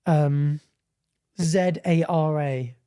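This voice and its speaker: A man co-hosting a podcast in a playful, casual chat, now and then rattling off his words quickly. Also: a little high, warm tone, smooth, no echo, clean studio sound. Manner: playful, bursts into quick rambling. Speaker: podcast co-host.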